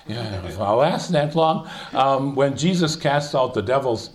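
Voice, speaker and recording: An older man leads an informal Bible study, speaking slowly at a medium pitch with big swings in intonation. As he explains a passage he thinks aloud, with many fillers and restarts.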